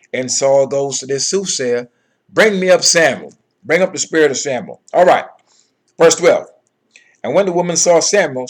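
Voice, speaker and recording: Guy doing a bible lesson, mid pitch, reads verses then explains, keeps saying okay, all right. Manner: emphatic, repeats phrases, frequent "okay" and "all right". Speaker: Bible teacher. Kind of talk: scripture reading with commentary.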